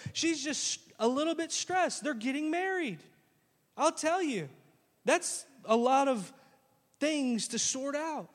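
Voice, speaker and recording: High-voiced preacher in a reverberant hall. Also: male voice. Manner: animated storytelling, acting out characters in slang. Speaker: pastor. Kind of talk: sermon. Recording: long reverb of a large hall.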